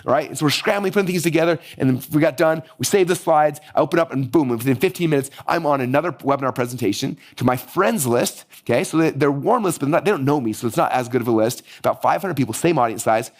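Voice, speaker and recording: A man in his forties, teaching marketing through a fast, animated story and acting out the dialogue with a raised voice. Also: fairly high pitch. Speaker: business coach teaching marketing. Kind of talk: energetic teaching monologue with storytelling.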